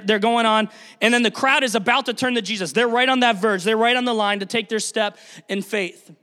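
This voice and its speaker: High-voiced preaching man, echoing hall. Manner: energetic, asks the congregation questions. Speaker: pastor. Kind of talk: sermon. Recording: long hall reverb.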